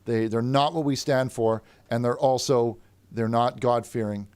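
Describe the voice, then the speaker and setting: A man's voice: medium pitch, steady tone, a little slow, a little mellow, clean tone, no echo. A man improvising as a plaintiff in a comedic mock trial, stammering and repeating words as he talks. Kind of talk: comedic improvised courtroom role-play.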